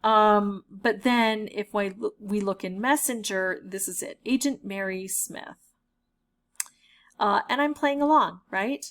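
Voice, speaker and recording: A woman's voice: medium pitch, slow, fairly bright tone. Wry, amused woman narrating. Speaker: gaming video creator. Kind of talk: playful commentary reading chat messages aloud.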